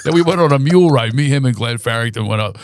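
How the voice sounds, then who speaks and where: A comedian telling long stories on a podcast, animated and quick to act out the people in them. His voice is gravelly, with a creaky edge. The sound is close and dry. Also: medium pitch, no echo. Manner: animated storyteller who slips into quoted voices; restarts and stammers mid-story. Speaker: guest comedian. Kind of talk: storytelling in a podcast chat.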